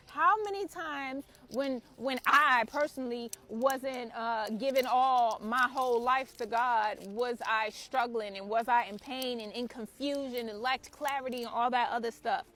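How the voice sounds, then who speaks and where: High-voiced woman preaching bluntly. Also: a little slow, a bit bright. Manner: blunt and preachy, swears freely. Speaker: spiritual author and channel host. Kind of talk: impassioned spiritual talk to camera.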